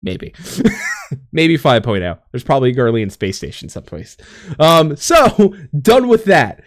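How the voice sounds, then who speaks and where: Casting: young man, high and very lively voice, rambling profane storytelling with lots of laughing, slightly winded. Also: unhurried. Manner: rambling, profane, laughing often, acts out characters. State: out of breath. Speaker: podcast co-host recapping a game story. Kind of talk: casual chat.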